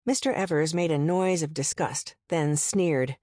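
A woman giving a measured, first-person audiobook narration. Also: low voice, dark tone, no echo, clean studio sound.

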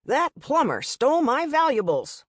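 A woman doing a loud furious man. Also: high-pitched, sing-song, unhurried, no room sound, clean studio sound, pitched above the performer's own voice. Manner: shouting, through clenched teeth. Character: loud angry middle-aged male motel guest.

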